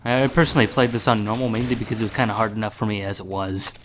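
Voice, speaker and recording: A man's voice: fairly low pitch, fairly even intonation, rapid-fire. A young man chatting about a video game in an easygoing, matter-of-fact way. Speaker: let's play co-commentator. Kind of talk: casual gaming commentary.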